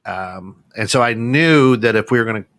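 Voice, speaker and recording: A man's voice: on the low side, normal speed, fairly bright tone, dry recording, clean studio sound. A man hosting a casual radio talk show, telling a long story in a loose, rambling way with many restarts. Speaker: radio station owner and co-host. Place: small radio studio.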